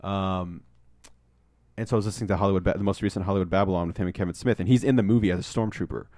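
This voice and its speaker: Low-voiced man rambling about movies. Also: fairly even intonation, rapid-fire, warm tone, no echo, studio quality. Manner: rambling, lots of ums, acts out movie lines. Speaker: podcast co-host. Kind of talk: casual chat, movie review.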